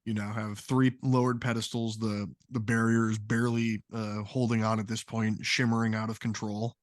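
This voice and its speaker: Male game master, casual halting narration, dry close podcast mic. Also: on the low side, flat delivery, no echo.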